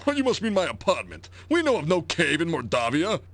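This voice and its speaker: A man's voice: on the high side, huge pitch swings, brisk, fairly bright tone, exaggerated voice. An actor playing a cheerful, joking male village drinker in a video game, with a bubbly, singsong manner. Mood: jovial.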